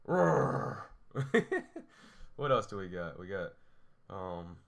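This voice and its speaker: This young drawing tutorial host has a low-pitched, fairly bright voice and speaks slowly. As he sketches, he talks to himself in a rambling way, often laughing and making fun of his own drawing.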